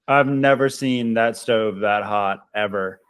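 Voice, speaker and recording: A man's voice: on the low side, slow pace, fairly bright tone, clean tone, no echo. Laid-back man with a dry voice. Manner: laid-back, laughing, says "dude" a lot. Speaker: podcast co-host. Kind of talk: casual storytelling chat.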